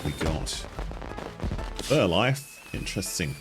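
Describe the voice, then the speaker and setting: A man's voice: sits low, sing-song, takes it slowly, loud music behind the voice. A man giving casual commentary on a game he is playing, chatty and easily delighted, with frequent exclamations. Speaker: gaming guide host.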